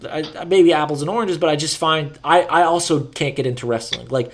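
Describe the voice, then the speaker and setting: A man's voice: fairly high pitch, fairly quick, a little hiss or hum. Rambling, swearing man chatting. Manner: rambling, many restarts and swearing. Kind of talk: casual chat.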